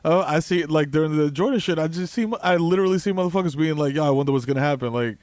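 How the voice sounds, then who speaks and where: A man's voice: on the high side, rapid-fire, a little mellow, no room sound, studio quality. A man co-hosting a podcast from home, riffing loosely in slang and laughing often through casual comedic banter. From the Bronx, New York. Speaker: podcast co-host.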